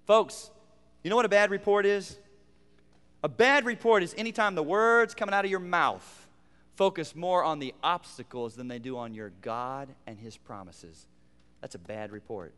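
Male pastor, high and smooth-toned, preaching with emphatic repetition; reverberant sanctuary. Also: normal speed. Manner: preaching with rising emphatic repetition and sudden quiet drops. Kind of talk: sermon.

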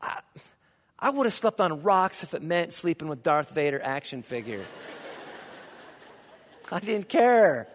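A middle-aged man from Indiana preaching a sermon, telling a childhood story with lively, joking asides to his listeners. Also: a little high, slow pace, pauses often, slight background noise. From Indiana, USA. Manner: lively anecdotal storyteller, jokes with the audience. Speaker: pastor. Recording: long reverb of a large hall.

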